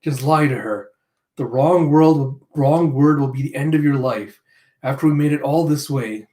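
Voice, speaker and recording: A battered young pirate, voiced by a man, nervous and urgent, talking low and quick in a mid-range voice, with the words echoing in a roomy space. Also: dark tone, natural voice. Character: battered young male sniper, nervous and frantic. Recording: roomy echo.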